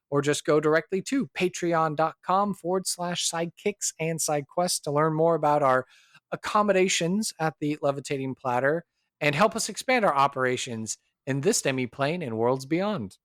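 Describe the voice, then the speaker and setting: A man hosting a podcast, chatting casually and asking relaxed guiding questions about building a game character. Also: fairly high pitch, normal speed, dry recording, studio quality. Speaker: podcast host.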